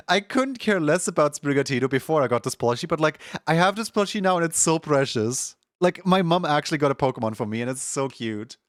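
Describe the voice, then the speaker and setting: A man's voice: on the high side, animated, fairly quick, few pauses, no room sound, clean studio sound. A young man streaming at home in casual chat, rambling with lots of filler words and frequent laughs. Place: home room.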